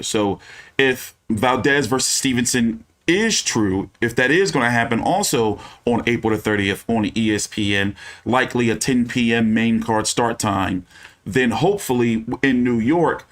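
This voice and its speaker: A man's voice: mid-range voice, fairly bright tone. A man hosting a casual boxing news live stream, with a loose, profane, ranting delivery full of fillers.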